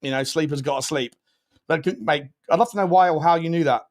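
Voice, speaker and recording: A man's voice: fairly high pitch, quick pace. Chatty man hosting a live stream. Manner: rambling, chatty, thanks viewers warmly with bursts of loud excitement. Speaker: fan channel host. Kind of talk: casual live-stream chat.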